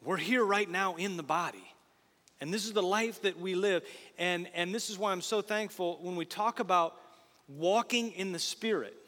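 A man with a voice that sits high preaches at a moderate pace in a large hall, the church sanctuary. He's a pastor who brings his stories to life and speaks directly to those in the pews.

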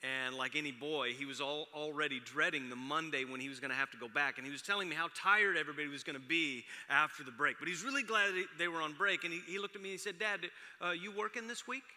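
In a quick, nearly pause-free delivery, a pastor in his forties preaches with a high-leaning, pushed and bright voice. His chatty sermon pokes fun at himself through family stories, and the sound carries the long reverb of a large hall.

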